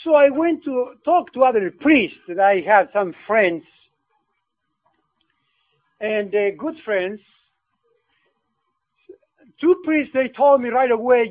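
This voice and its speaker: A priest from Argentina tells his story in English, stumbling and repeating words as he goes. His voice sits unusually high for a man. It comes through a narrow, phone-like channel with no room sound. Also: animated, no room sound. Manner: halting, repeats words, non-native grammar. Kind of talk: personal storytelling. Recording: tinny phone-like line.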